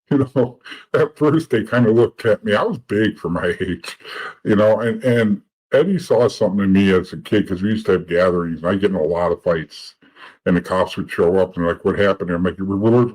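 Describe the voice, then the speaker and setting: A deep, slightly rough, somewhat mellow male voice moves at a moderate pace on a rough recording. The middle-aged speaker, a former informant appearing as a podcast guest, tells casual, blunt, profane stories from his past and often repeats words.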